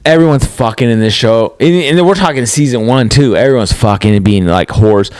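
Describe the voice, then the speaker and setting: A man's voice: mid-range voice, fairly quick, clear, resonant tone, no echo. A man in his forties hosting a podcast, telling rambling, profane stories in casual chat. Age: 40s. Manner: rambling, profane, animated storytelling. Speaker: podcast host.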